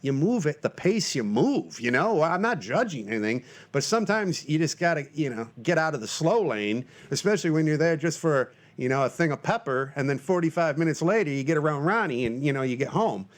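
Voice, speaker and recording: A man in his forties hosting his own podcast alone, talking loosely with lots of fillers and breaking into shrill panicky shouts for comic effect. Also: expressive, fairly quick, few pauses. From Northern Michigan, US. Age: 40s. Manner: loose and self-mocking, lots of fillers and restarts. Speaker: podcast host. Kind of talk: rambling solo podcast monologue.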